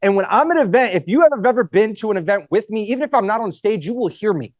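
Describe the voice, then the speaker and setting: A man's voice: high-pitched, lively intonation, fast, no echo. A man speaking at a live event, giving a casual motivational talk, joking with the crowd and swearing now and then.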